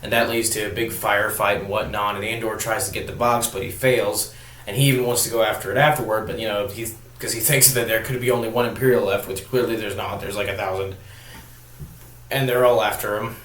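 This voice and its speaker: A lowish-voiced man talks through a TV episode in a loose, rambling way, leaning on "like" and "you know" as he goes. His voice carries a noticeable room echo, as if he is recording in a bare space. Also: steady tone, brisk, fairly bright tone. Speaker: TV show reviewer. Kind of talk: casual spoken review. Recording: roomy echo.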